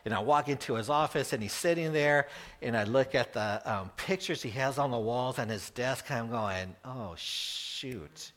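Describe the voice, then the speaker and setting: Man, middle-aged, pastor, heartfelt sermon story, mid-pitched voice. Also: moderate pace, fairly bright tone. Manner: earnest, emotional storytelling with laughs.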